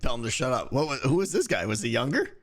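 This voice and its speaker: A man's voice: mid-range voice, big pitch swings, quick pace, a bit bright, soft background music. A man co-hosting a casual podcast chat, laughing often and asking follow-up questions. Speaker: podcast co-host listening.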